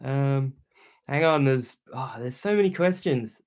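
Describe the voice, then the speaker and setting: A young Australian man hosts his own livestream, talking loudly and casually in relaxed slang as he reads out comments. His mid-pitched voice carries a gravelly edge. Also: unhurried. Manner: loud and chatty, slangy. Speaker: YouTuber hosting a livestream.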